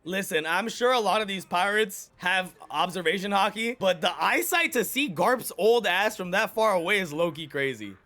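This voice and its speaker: A high, bright male voice that swings wildly between muttered asides and excited shouting. He reacts to an anime with loud, slangy hype, his pitch leaping up whenever he gets worked up. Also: normal speed, few pauses.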